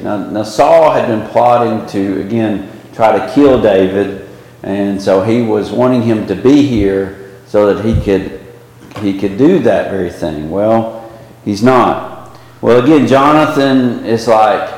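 A man's voice: fairly low pitch, unhurried, darkish tone. A man leading a small Bible study class, talking casually with many fillers and restarts. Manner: conversational, with frequent fillers and restarts. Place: church classroom with a small group. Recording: very echoey room.

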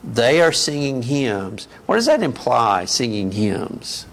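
A man's voice: mid-range voice, big pitch swings, slow pace, a little hiss or hum. A man preaching a sermon in a conversational teaching manner, often asking the congregation questions.

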